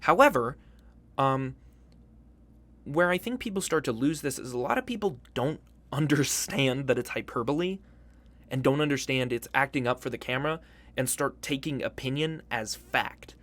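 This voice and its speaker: A man's voice: mid-range voice, expressive, normal speed, fairly bright tone. A man hosting a casual commentary video, profane, joking and hyperbolic. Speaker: YouTube host.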